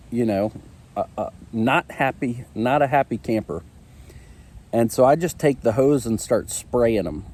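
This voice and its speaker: Hosting a marriage podcast, a man in his thirties shares a personal story candidly and confessionally. His voice is warm and medium-pitched, and he says "um" and "uh" often.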